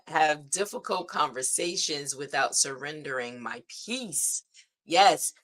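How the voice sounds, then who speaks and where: Woman hosting a devotional stream, bright tone, deliberate unhurried delivery. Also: low-pitched. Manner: slow, earnest, with spoken declarations and frequent "right?". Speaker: host of a devotional livestream. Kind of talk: inspirational devotional talk. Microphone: streaming setup.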